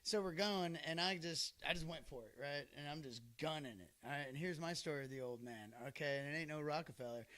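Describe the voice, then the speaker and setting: A man in his thirties chats on a podcast, rambling through a story with plenty of fillers and bursts of laughter. His voice sits a little higher than most men's. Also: brisk, hardly any pauses, sharp tone. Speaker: podcast host. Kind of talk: casual storytelling chat.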